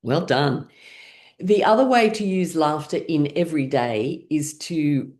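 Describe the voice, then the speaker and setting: A woman's voice: deep voice, darkish tone. A woman instructor guiding a laughter exercise class, upbeat and encouraging, often breaking into laughter between her instructions.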